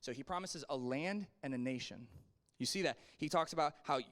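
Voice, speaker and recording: Animated man teaching Sunday school. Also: a little fast. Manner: animated, conversational, acts out quotes with big pitch swings; asides and jokes to the class. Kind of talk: casual Bible lesson.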